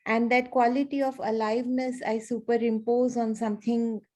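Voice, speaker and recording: A woman student in a study group, thoughtfully putting a question and remark to the teacher, pausing with fillers as she works through her idea. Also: on the high side, level tone, dark tone. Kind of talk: asking a question in class.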